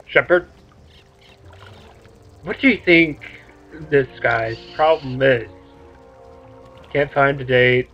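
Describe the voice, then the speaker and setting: A man's voice: medium pitch, takes it slowly, pauses often. A man commenting on a game he is playing, joking and crude in laid-back asides. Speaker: let's play host. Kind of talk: gameplay commentary. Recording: dull lo-fi mic with game music.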